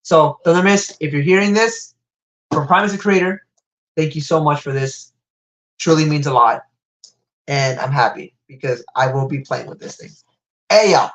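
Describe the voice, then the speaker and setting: A young man with a slight Latin American Spanish accent, hosting a live toy unboxing stream and gushing with excitement. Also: moderate pace, pauses often, rough recording. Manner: excitable, gushing, wide pitch jumps.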